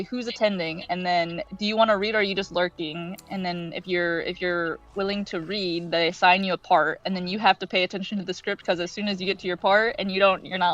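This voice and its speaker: A woman's voice: lowish voice, fairly bright tone. Woman, casual panel chat, rambly filler-heavy talk, dull lo-fi call sound. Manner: rambling, many "like" fillers, laughs often. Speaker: game developer on a panel.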